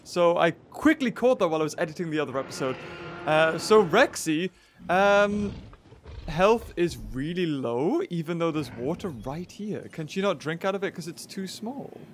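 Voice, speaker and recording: A man hosting a let's play, chatting excitably and talking to the game's creatures as he plays. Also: a little high, normal speed, a little hiss or hum. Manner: excitable, chatty, talks to the game characters. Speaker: gaming channel host.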